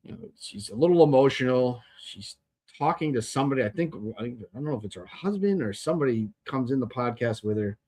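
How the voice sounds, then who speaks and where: A man hosting his own podcast in a loose, rambling rant. He talks bluntly and swears often. He trips over restarts as he circles his complaints, at an everyday middle pitch. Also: lively intonation, fairly quick, darkish tone. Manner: blunt, profane and rambling, with many fillers and restarts. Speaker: podcast host. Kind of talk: casual ranting monologue.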